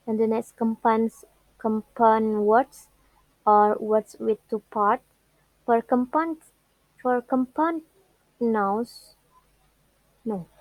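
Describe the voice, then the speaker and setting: A young woman with an Indonesian accent, slowly reading out a pronunciation lesson on word stress and repeating the example words. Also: on the high side, a little mellow, no room sound, low-quality recording. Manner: slow careful reading with repeated words and restarts. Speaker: student. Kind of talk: pronunciation practice recording.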